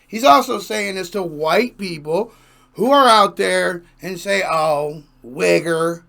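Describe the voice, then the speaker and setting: A man's voice: high-pitched, lively intonation, measured pace, gravelly, bright, forceful tone, slight background noise. A man hosting a music reaction video, talking in casual, emphatic commentary and repeating himself for effect.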